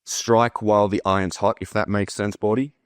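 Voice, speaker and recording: A man's voice: on the low side, flat delivery, normal speed, clear, resonant tone, no room sound, clean studio sound. A man in a casual online group discussion, arguing his point and pressing others with questions. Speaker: discussion participant.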